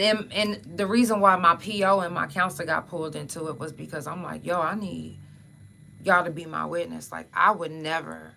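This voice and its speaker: Lady podcast host, low-ish but bright punchy voice, raw and cussing. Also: vocal fry, slight background noise. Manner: raw, profane, conversational. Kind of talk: candid personal storytelling.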